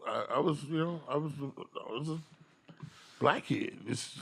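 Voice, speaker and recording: A man, a guest comedian, chatting casually on a podcast and telling animated stories with bursts of loud impressions. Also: fairly high pitch, unhurried, creaky, slightly rough. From San Diego.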